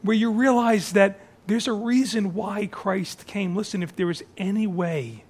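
A high-pitched male pastor delivers a communion sermon. He builds phrases through repetition, dropping to near-whispers and then rising to strong, raised lines. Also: measured pace, slightly rough. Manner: dramatic swings from soft near-whisper to raised, shouted phrases; repeats phrases for emphasis.

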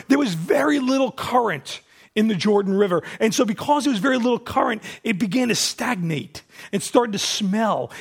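A male pastor preaching a sermon, telling stories in an animated way and acting out the quotes. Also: high-pitched, vocal fry, husky.

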